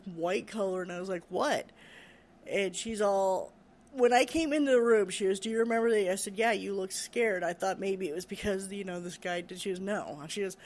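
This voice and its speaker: A woman recounting a frightening experience from her care work, halting, repeating words and laughing nervously. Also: medium pitch. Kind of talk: personal storytelling.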